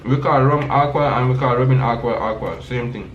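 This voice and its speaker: Laid-back Jamaican man, quietly trailing off. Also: mid-range voice, fairly quick, muffled recording. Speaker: guest. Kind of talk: casual chat over food. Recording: roomy, from a distance, faint noise.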